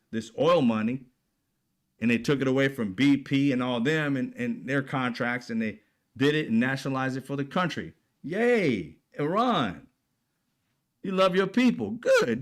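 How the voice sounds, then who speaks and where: A man delivering an indignant, heavily profane political commentary rant, peppered with rhetorical questions to his audience. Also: medium pitch. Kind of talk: ranting commentary.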